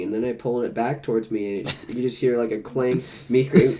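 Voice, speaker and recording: A man chats on a casual read-along podcast at an ordinary middle pitch. He jokes at his own expense and swears freely. He is sick with covid. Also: steady tone, fast, few pauses, mellow, a little hiss or hum. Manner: swears freely, jokey and self-mocking. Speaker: podcast co-host.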